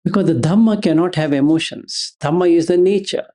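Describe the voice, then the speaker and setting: A man's voice: fairly high pitch, fairly quick, dark tone. A man teaching the Dhamma. He argues through blunt rhetorical questions and keeps repeating Pali terms. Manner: blunt, dismissive of emotion. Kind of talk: Dhamma talk.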